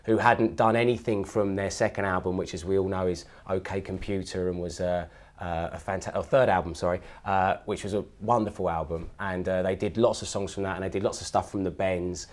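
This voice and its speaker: A man's voice: sits low, fairly even intonation, fairly quick. A man, a music guest telling jokey, rambling stories in a TV studio chat. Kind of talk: casual TV chat.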